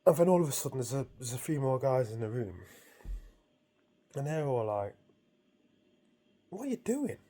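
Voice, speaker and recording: A man's voice: medium pitch, fairly quick, long pauses, warm tone. A man casually recounting a dream to his viewers, amused and rambling, with frequent restarts. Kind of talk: casual storytelling.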